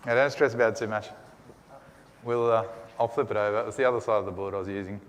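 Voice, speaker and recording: This Australian Greek lecturer talks fast in a fairly low voice with fairly even intonation, his speech muffled by the mask he wears. Chatty and joking, he keeps checking with the class by asking "right?", while the lecture room gives a long hall-like echo and a slight hiss or hum runs underneath.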